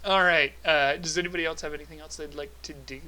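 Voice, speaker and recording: Bright-voiced male game master. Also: fairly high pitch, fast, slight background noise, poor audio. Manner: relaxed, many filler sounds. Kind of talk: narrating a tabletop game.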